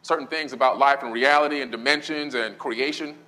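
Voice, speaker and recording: A man's voice: medium pitch, brisk, sharp tone, rough recording. A man in a casual podcast conversation, explaining his views in a thoughtful, storytelling way. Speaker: podcast guest.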